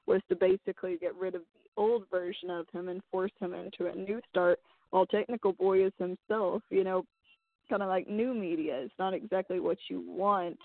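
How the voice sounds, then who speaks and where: A woman in casual chat, working through a theory out loud and hedging as she goes. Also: on the low side, fairly even intonation, normal speed, vocal fry, no room sound. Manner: thinking aloud, hedging theories. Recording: dry phone-like audio.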